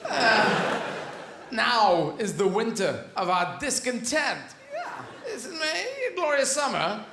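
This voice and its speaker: A man doing a halting, drawling actor impression. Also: very high-pitched, big pitch swings, background noise, pitched above the performer's own voice, heavily acted. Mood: deadpan. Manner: halting, odd pauses, rambling. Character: drawling offbeat male actor doing Shakespeare. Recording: echoey theatre with loud audience laughter.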